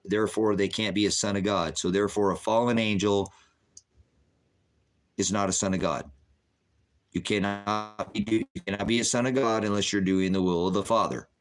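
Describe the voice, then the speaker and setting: A middle-aged man preaching bluntly on a livestream, answering viewers' chat questions in a combative, sermonizing way. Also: on the low side.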